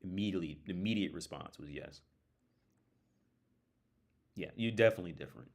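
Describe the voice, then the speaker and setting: A man with a very deep voice chats casually on a livestream, drifting from story to story. He restarts his sentences often and drops blunt, profane asides. He sounds like a young adult from North America. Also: animated, fairly quick, vocal fry. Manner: rambling, digressive storytelling with frequent restarts. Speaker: livestream host. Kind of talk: casual chat.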